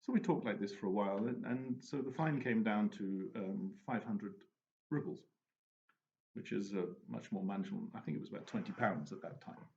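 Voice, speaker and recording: A man telling anecdotes and giving advice in a relaxed, casual monologue, often restarting his sentences. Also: lowish voice, normal speed, gravelly. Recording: dull lo-fi recording with faint noise.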